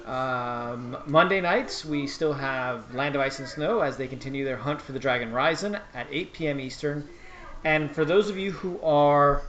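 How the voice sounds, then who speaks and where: A man's voice: a little high, a bit bright, rough recording. A man hosting a tabletop game stream, wrapping up the night and announcing the schedule in a casual, upbeat way. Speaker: show host.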